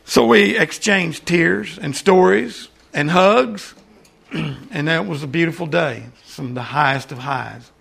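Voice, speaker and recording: An older man preaching a sermon and then praying, earnest, often calling the listeners "friends" and dropping into soft asides. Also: a little high, slow. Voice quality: gravelly. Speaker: lay preacher. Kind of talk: sermon and prayer.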